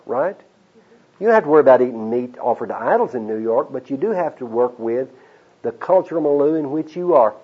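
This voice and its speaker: A man's voice: mid-range voice, husky. A man preaching a sermon as pastor, folksy and joking, mixing stories with teaching. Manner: folksy, joking asides with laughter. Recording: dull lo-fi sermon recording.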